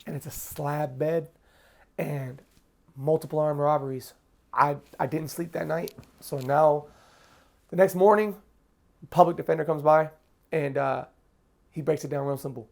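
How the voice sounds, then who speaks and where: A man's voice: fairly high pitch, steady tone, unhurried, gravelly, long pauses, a little mellow. A man telling his own story in a casual interview, frank and emotional, acting out what others said to him. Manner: vivid storyteller acting out other people's lines. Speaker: interview guest.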